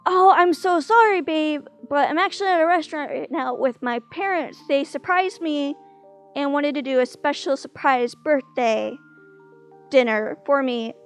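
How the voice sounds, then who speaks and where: A young girlfriend apologizes in a high, sugary voice, as a woman retells a joke. She is sweet and a little breathless with sorrow. The voice is only lightly acted. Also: normal speed, faint music behind. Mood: apologetic.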